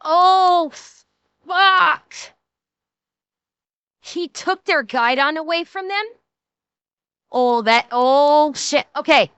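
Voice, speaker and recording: Bright, high-voiced woman on a stream. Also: very slow, long pauses, no room sound. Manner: reacts with short exclamations and laughter, then explains at length. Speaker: streamer reacting.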